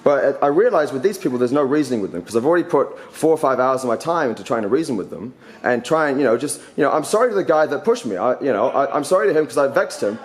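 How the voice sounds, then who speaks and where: A young man rants off the cuff at a rapid clip, his voice going hoarse from talking so much. He is confrontational and rambling, stumbling over restarts and repeating words as he presses his point. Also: medium pitch, lively intonation. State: getting hoarse. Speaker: vlogger ranting. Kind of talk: heated off-the-cuff rant. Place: indoor university space.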